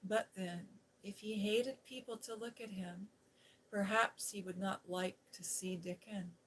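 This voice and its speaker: A woman host reading a classic novel aloud in a gentle, soothing ASMR style, with whispered asides. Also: medium pitch, fairly even intonation, a little slow, a little hiss or hum, low-quality recording. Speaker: storybook reader and ASMR host. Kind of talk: softly spoken ASMR story reading.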